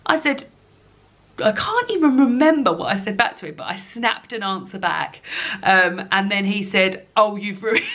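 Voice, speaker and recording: A woman's voice: mid-range voice, bright, forceful tone. A woman chatting casually to camera from her lounge, rambling with lots of fillers and frequent laughs. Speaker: book vlogger.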